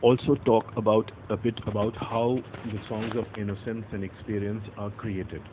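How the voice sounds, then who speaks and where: A man's voice: fairly low pitch, flat delivery. A man, teaching literature in a patient, explanatory lecture style and repeating points as he goes. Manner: patient, repeats points and reads verse slowly with stressed syllables. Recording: phone-like audio with faint traffic noise.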